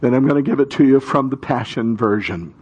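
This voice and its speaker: A male pastor preaching a sermon with call-and-response, reading Scripture and rising to shouts. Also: mid-range voice, fairly quick, slightly rough, highs cut off.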